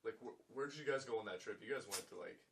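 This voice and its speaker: A man's voice: fairly low pitch, very fast, a bit bright, distant mic, a little hiss or hum. A man hosting a podcast in casual chat, laid back, reacting with short remarks and lots of "dude.". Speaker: podcast host.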